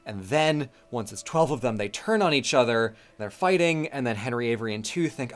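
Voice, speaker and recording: A man in casual video essay chat, animated and playfully acting out character lines as he recaps a scene. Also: mid-range voice, fairly quick, hardly any pauses. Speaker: co-host.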